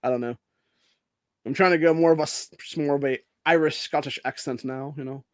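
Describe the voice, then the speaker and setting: A man's voice: on the high side, steady tone, fairly quick, dry recording, clean studio sound. A man from Ohio hosting a podcast, ranting with constant swearing and rambling asides full of dude and bro. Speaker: podcast host. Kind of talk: profane rant and casual monologue.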